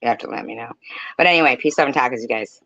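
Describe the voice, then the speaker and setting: A woman's voice: very deep voice, rapid-fire, fairly bright tone, no echo. A woman streamer talking to her viewers in a blunt, heated, profane rant. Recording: dull, lo-fi, dry mic.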